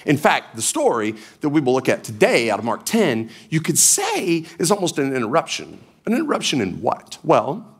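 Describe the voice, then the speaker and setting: A male pastor giving a sermon, telling a story with lively acted-out scenes. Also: fairly high pitch. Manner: animated storytelling, acts out scenes.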